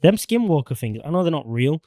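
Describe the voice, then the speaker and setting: A man's voice: fairly high pitch, very animated, fairly quick, mellow, no room sound, studio quality. A man co-hosting a podcast in casual chat, rambling through stories, swearing freely and laughing often. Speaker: podcast co-host.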